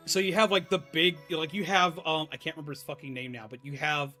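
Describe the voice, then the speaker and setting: A male streamer chatting casually on a live stream, animated and swearing freely. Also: on the high side, fast, faint music behind.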